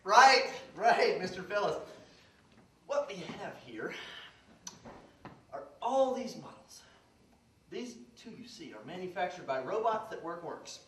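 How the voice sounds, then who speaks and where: A man rattling off slick, pushy sales talk in a live stage sketch. His voice is high, heard from a distance in a roomy theater with steady hiss. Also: slow pace, pauses often.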